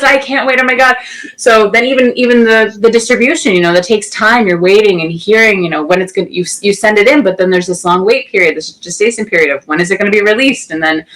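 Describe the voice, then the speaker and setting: A woman guest in an interview, telling the story of the release in an enthusiastic, animated way. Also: mid-range voice, low-quality recording. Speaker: producer guest. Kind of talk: casual interview chat.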